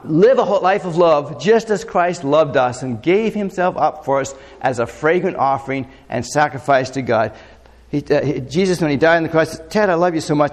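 A man's voice: a little high, in a large hall. A man preaching a sermon in a loose, conversational way, full of fillers and rhetorical questions. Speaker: pastor.

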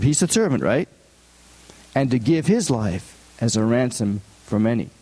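A man's voice: a little high, expressive, moderate pace, darkish tone. A man giving a conversational sermon, often asking his listeners rhetorical questions. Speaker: preacher. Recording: long hall reverb.

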